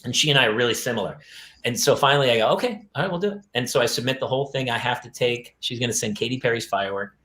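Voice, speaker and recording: A man's voice: medium pitch, rapid-fire, roomy sound. A middle-aged man, co-host of a parenting podcast, casually telling a long story and acting out the lines of the people in it. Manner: animated, acts out dialogue in quoted voices.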